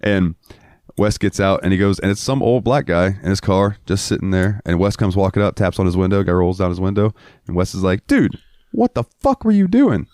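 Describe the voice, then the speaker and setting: A man's voice: sits low, fairly even intonation, a little fast, a little mellow, no room sound, studio quality. A man from Florida co-hosting a podcast, telling rambling, profane stories in casual chat. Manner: profane, rambling, acts out quotes in raised voices. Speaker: podcast co-host.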